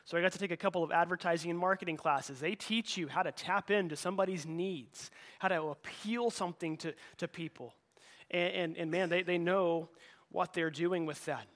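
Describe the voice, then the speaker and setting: A man's voice: high-pitched, moderate pace, a bit bright. A middle-aged male pastor preaching a sermon in a church, in a conversational way with frequent repeated words and restarts. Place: church sanctuary.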